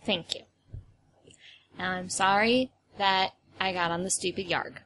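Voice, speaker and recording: A woman's voice: mid-range voice, fairly even intonation, measured pace, a bit bright, a little hiss or hum, voice pushed down, natural voice. A woman playing a young female thinker in a tabletop game who dodges fights and talks defensively. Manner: defensive, then eager. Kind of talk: in-character tabletop role-play.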